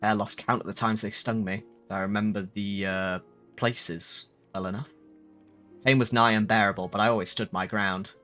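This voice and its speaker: A man voicing a feeble old veteran fighter in a put-on Northern English accent, gruff and reminiscing. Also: fairly low pitch, fairly even intonation, normal speed, bright, forceful tone, soft background music.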